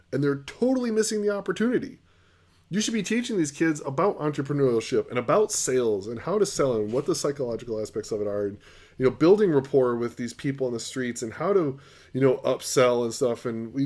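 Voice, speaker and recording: A man's voice: a little high, a little mellow. A middle-aged man hosting a casual solo podcast, blunt and profane as he rants about business. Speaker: podcast host.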